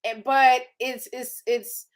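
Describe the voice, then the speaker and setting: A woman in her forties hosting a faith conversation, emotional and testifying with emphatic warmth. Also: sits high, little pitch movement, takes it slowly. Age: 40s. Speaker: podcast host.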